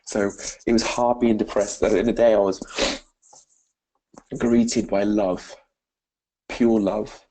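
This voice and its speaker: A man's voice: lowish voice, steady tone, takes it slowly, pauses often, darkish tone, low-quality recording. A man with a British accent, a motivational speaker telling an earnest personal story and often calling his listeners "guys". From Britain. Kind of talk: personal story told to camera.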